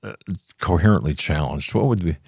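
A man's voice: low voice, brisk, vocal fry, a little mellow, husky, no room sound, clean studio sound. A man hosting a political talk show, riffing sarcastically in a rambling monologue full of restarts. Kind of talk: casual opinion monologue.

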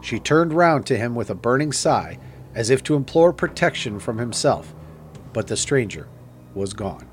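A man narrating a gothic tale as an audiobook in a measured, grave manner. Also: mid-range voice, lively intonation, slight background noise.

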